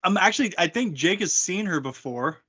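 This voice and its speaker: A man's voice: high voice, lively intonation, a little fast, bright, forceful tone, husky. A man co-hosting a podcast in casual chat, making dry wisecracks. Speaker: podcast co-host. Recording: dull lo-fi podcast audio.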